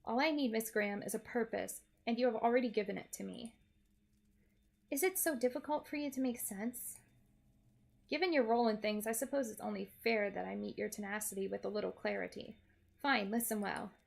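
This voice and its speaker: A woman's voice: on the high side, brisk, vocal fry. A woman playing a pompous little villain. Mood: haughty. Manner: pompous, theatrical. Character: pompous small male villain, grandiose. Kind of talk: reading a game aloud with voices.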